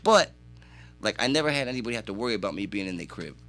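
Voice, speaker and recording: A man telling animated, swear-filled stories as a podcast guest in a radio studio. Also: lowish voice, racing, soft background music. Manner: animated storytelling, heavy swearing. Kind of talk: casual chat.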